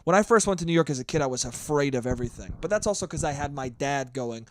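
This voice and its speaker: A man's voice: fairly high pitch, lively intonation, fast, few pauses, dry recording. A hungover young man hosting a solo podcast, rambling and swearing freely, scatterbrained. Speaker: podcast host. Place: New York.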